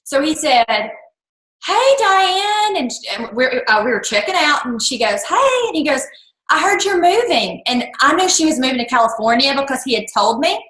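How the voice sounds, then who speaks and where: A woman talks in a quick, animated way, leaping up in pitch whenever she acts out someone she is quoting. Her voice sits high and sounds bright. The room gives it a roomy echo. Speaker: guest speaker. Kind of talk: lively anecdotal talk.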